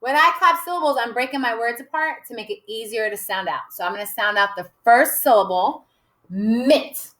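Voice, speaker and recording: A woman teacher slowly modeling a writing lesson for young children, sounding out letters with cheerful emphasis. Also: a little high, a bit bright. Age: adult. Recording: echoey room.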